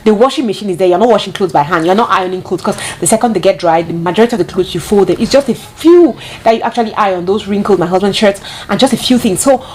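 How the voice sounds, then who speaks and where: A woman, telling a story to her viewers in a casual, animated way and often calling them guys. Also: medium pitch, quick pace, few pauses, slight background noise. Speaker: vlogger.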